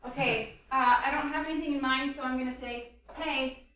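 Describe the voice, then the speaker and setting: A woman's voice: high voice, fairly even intonation, fast. A woman performing comedic improv, describing her scene choices in a dry, matter-of-fact way. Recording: echoey room from far off, noisy.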